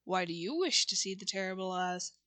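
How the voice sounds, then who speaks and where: A woman reading aloud, voicing a thoughtful grown man in a storybook, explaining things in a measured way. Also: medium pitch, lively intonation, sharp tone, voice pushed down. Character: thoughtful grown man, a friendly farmer host. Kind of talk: audiobook reading.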